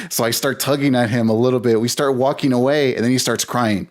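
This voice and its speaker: Guy guesting on a podcast, rambly storytelling, keeps restarting lines, mid-pitched voice. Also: fairly even intonation, brisk, hardly any pauses. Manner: rambling, with many restarts and laughter. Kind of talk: casual storytelling.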